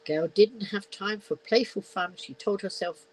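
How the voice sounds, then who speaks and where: A woman's voice: mid-range voice, a little slow, slight background noise, rough recording. An older woman reads a children's picture book aloud, in the manner of a grandmother at bedtime. She keeps stopping for chatty side remarks to her audience. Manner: chatty asides, laughs often. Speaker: storyteller and live streamer.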